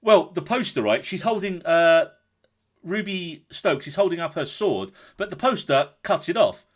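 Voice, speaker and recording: A man's voice: fairly high pitch, normal speed. A man from England co-hosting a podcast, chatting casually and joking while reading out listener comments. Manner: lively, jokey, reads listener comments. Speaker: podcast co-host. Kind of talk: casual chat.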